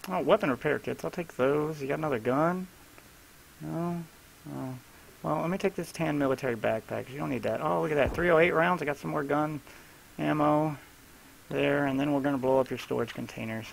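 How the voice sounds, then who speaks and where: A man streaming his own gameplay, talking casually to a teammate in a loose, chatty way and giving quick instructions. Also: on the high side, creaky, a little hiss or hum, low-quality recording.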